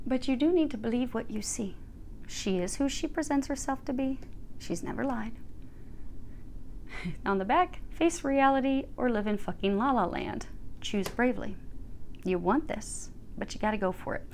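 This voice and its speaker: A woman talks through a tarot reading in a chatty, earnest way, laughing easily and dropping a casual swear now and then. Her voice sits a little high. A faint hum of room ambience runs underneath. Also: lively intonation, normal speed. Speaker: tarot reader. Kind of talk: casual spiritual card reading.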